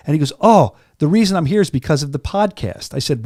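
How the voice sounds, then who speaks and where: A man hosts a combat sports show from a studio, talking fast and eagerly. He tells stories and repeats words as he goes. His voice sits somewhat high, and the sound is close and dry. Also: expressive, dark tone, dry recording. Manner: enthusiastic, storytelling, repeats words. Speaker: podcast host. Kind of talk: casual studio chat.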